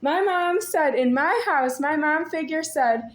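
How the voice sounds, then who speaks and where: A woman's voice: high-pitched, measured pace. A woman in her forties talking to a camera at home in a rambling, agitated monologue. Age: 40s. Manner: rambling, agitated, at times shouting. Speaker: vlogger. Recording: echoey room.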